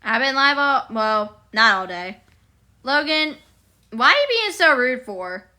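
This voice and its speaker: Giggly woman chatting with her live audience, high and bright. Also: very animated, measured pace. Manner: playful and giggly, chatting with viewers. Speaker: live streamer. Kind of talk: casual live-stream chat.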